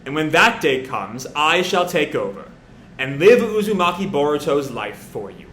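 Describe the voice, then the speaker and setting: A man voicing a cold, taunting male alien being in a slow, low reading. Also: sing-song, a bit bright, a little hiss or hum. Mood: menacing. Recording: roomy echo.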